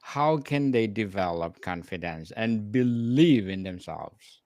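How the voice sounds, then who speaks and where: A man hosting a podcast, putting questions to his guest in a slow, measured way. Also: lowish voice, expressive, darkish tone, no room sound, clean studio sound. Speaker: podcast host. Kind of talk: interview questions.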